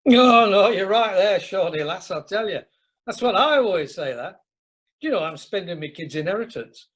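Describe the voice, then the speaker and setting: A blunt, chatty older man on a cruise, played by an actor with a husky, slightly raised voice. He talks in a lively, swooping way, hearty and plain-spoken, in an amateur radio play. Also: high-pitched, moderate pace, full character voice. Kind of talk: amateur radio drama acting. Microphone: remote video call.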